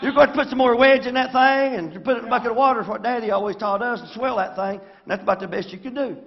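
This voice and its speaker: A pastor from Arkansas with a Southern accent preaches a folksy sermon in a church sanctuary, often calling on the congregation for an amen. His voice is very high, fast and creaky, and the sound is lo-fi.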